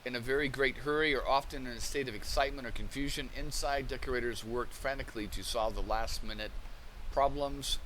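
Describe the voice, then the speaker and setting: A man who hosts a channel reads definitions and transcripts aloud and reflects on them in casual commentary, often restarting his sentences. His mid-range voice is fairly quick, steady and fairly bright, with a little hiss or hum in the recording.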